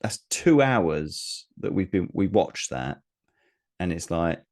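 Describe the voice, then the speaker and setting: A man co-hosts a casual review show. He talks in a fairly low voice, hesitant and prone to restarts. He often ends his points with tag questions. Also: big pitch swings, slow, a little mellow. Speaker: show co-host.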